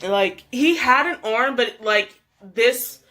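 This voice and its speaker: A woman's voice: fairly high pitch, lively intonation, takes it slowly, pushed and bright. A young woman vlogger telling a story in a chatty way, full of "like" and laughs. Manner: chatty, many fillers and laughs. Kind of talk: storytime vlog chat.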